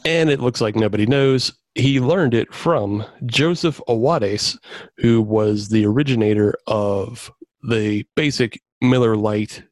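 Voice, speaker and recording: A man's voice: medium pitch, a little slow, no echo. Dry-voiced man hosting a trivia game. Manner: announces rules and rulings, laughs at the players. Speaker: quiz host.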